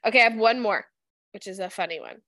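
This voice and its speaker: A woman in her thirties co-hosting a podcast, chatting casually and telling animated, profane stories. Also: mid-range voice, quick pace, dry recording, clean studio sound. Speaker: podcast co-host. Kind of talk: casual chat.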